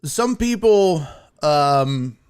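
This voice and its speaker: Profane, animated sports talk host. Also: male voice, a little high, drawn-out words, clean tone. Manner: profane, laughing, animated riffing. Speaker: sports talk show host reading chat. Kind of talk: casual live-stream chat.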